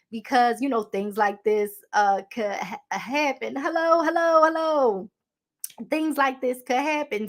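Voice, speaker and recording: A sassy Baltimore woman with a higher voice hosts a podcast, offering casual commentary and reading a law aloud. She's chatty, calls listeners honey, and stumbles over her words.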